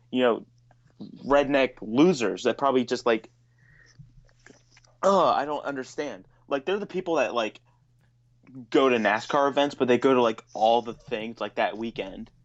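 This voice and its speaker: A man's voice: mid-range voice, normal speed. A man in an ordinary middle register co-hosts a podcast, spinning a long story and ranting with plenty of swearing. His voice comes through a dull, slightly lo-fi recording with the top end rolled off. The delivery is loose, casual chat. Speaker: podcast co-host.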